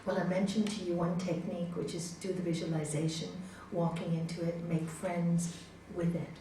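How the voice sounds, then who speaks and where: A woman teaching a spiritual yoga class in a gentle, chatty way, laughing often and acting out inner voices. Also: on the low side, level tone, moderate pace, a little hiss or hum. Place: large hall. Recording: echoey hall from far off.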